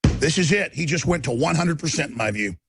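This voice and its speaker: A radio talk show host, a man, delivering an impassioned on-air rant that builds into shouting. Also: a little high, animated, fairly quick, over music. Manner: preachy, rising to shouting.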